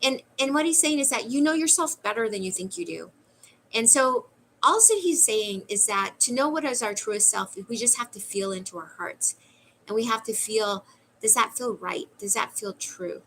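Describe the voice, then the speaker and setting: A middle-aged woman with a bright, slightly high voice talks through a channeled spiritual reading. She muses as she goes and fills her sentences with "like". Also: expressive, moderate pace, slight background noise, low-quality recording. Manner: musing, frequent "like" fillers. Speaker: spiritual reader.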